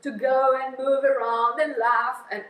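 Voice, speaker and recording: High-voiced Italian woman lecturing in an echoey hall. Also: measured pace, far from the mic. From Italy. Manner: lively storytelling with many fillers. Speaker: guest lecturer. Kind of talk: anecdotal seminar lecture.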